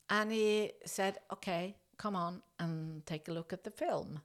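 A woman's voice: mid-range voice, a little slow, hardly any pauses. A middle-aged woman from Norway, speaking English as an as an interview guest, telling a story casually with fillers and restarts and acting out the dialogue. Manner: hesitant, many fillers and restarts, lively when acting out dialogue.

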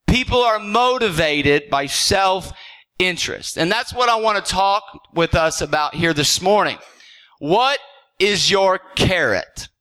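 A man's voice: high-pitched, pushed and bright, rough recording. A man preaching a sermon as a pastor, earnest and conversational, firing off repeated questions, checking in with "okay?" and often stumbling into restarts. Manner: frequent stammered restarts.

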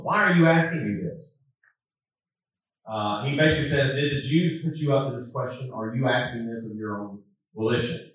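A man teaching a Sunday school class, talking through a Bible passage with frequent ums and restarts. He is caught by a distant mic in a very echoey room, and the sound is dull and muffled. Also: mid-range voice. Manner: explanatory, with filler ums and restarts. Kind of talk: Bible lesson.

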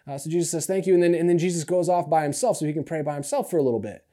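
A male pastor delivering a sermon in an easy, conversational style. His tone is mellow and warm, and he often doubles back, repeating words as he talks. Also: on the high side, racing. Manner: conversational, animated preaching with frequent restarts and repeated words.

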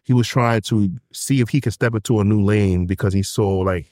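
A man's voice: fairly low pitch, fairly quick, a little mellow, no room sound, studio quality. A man co-hosting a hip hop album podcast, chatting casually and telling stories with a laid-back manner. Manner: laid-back, storytelling with laughs. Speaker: podcast co-host. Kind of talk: casual chat.

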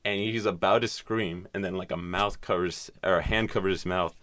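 A man's voice: low voice, steady tone, normal speed, fairly bright tone, no room sound. A man in casual chat, recapping a film's plot in a rambling way with lots of swearing and filler words. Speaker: podcast host recapping a film.

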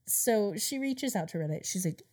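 A woman's voice: mid-range voice, animated, normal speed, darkish tone. Chatty woman telling a story. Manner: chatty storyteller, many fillers. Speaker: podcast co-host. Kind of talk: casual chat.

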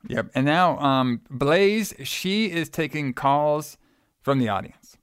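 A man's voice: fairly high pitch, expressive, slow pace, clear, resonant tone, no room sound, studio quality. A man co-hosting a podcast, recapping a movie in a laid-back, rambling way and laughing often. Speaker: podcast co-host. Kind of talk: casual chat.

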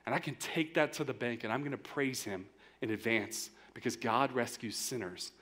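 A youth pastor in his thirties delivers an earnest, conversational sermon, peppering it with "like." His medium-pitched voice moves at a normal pace, shifting from quiet, intimate moments to loud, emphatic bursts.

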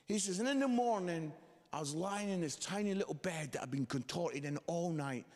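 A man preaching a sermon, telling a story with lively, animated delivery and quoted voices. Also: on the high side, normal speed. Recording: long hall reverb.

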